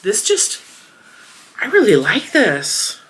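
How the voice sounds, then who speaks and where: A woman's voice: medium pitch, wildly swooping pitch, takes it slowly, fairly bright tone, slightly rough. A woman vlogger chatting casually about craft supplies in a small room at home, a little congested and wheezy, rambling with frequent laughs. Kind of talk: casual product review chat.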